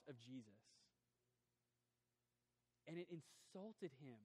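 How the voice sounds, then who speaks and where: A male pastor preaching a sermon, swinging between forceful emphasis and quiet, drawn-out lines. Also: fairly high pitch. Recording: long hall reverb.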